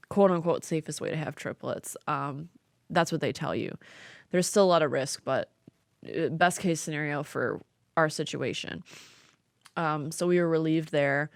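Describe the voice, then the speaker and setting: A woman's voice: low-pitched, dry recording, studio quality. A young woman co-hosting a podcast, chatting casually and laughing often, with lots of fillers. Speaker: podcast co-host. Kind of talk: casual chat.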